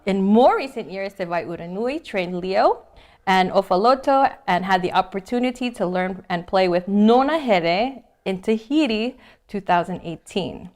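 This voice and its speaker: A woman's voice: mid-range voice, animated, measured pace, darkish tone. A woman co-hosting a live stream, reading out group introductions with playful asides. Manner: laughs easily, playful asides. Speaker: livestream co-host.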